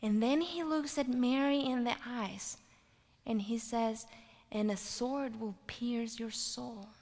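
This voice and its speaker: Woman preacher, high voice, storytelling sermon, big swings from loud to whispered, long hall reverb. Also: slow pace. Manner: animated storytelling, rising to loud exclaims and dropping to whispers.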